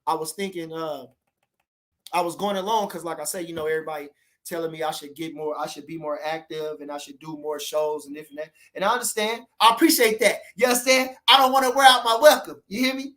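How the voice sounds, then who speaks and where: A man's voice: on the high side, flat delivery, fast talker, bright, forceful tone. A man hosting a casual boxing livestream, talking loosely and animatedly, full of "you know what I'm saying" asides. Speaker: boxing channel host.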